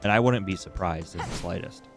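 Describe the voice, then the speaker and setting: A man chatting loosely while he streams a game, swearing freely and drifting from one tangent to the next. His voice sits on the low side and he is coming down with a cold. Faint music plays underneath. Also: brisk. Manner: irreverent, profane, rambling. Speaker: gaming livestreamer. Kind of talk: casual chat while playing.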